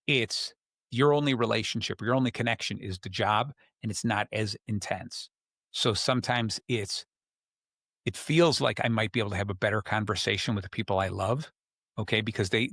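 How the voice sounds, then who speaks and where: A man's voice: lowish voice, a bit bright, dry recording, studio quality. A man hosting a podcast, talking through relationship advice in a conversational way and acting out what people say. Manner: conversational, acts out quoted people. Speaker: host. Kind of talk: casual advice talk.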